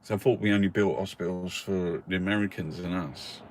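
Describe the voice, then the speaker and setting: A man's voice: low voice, steady tone, a little fast, a little hiss or hum. A man hosting a casual newspaper review, rambling and swearing freely, with frequent laughs. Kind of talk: casual chat.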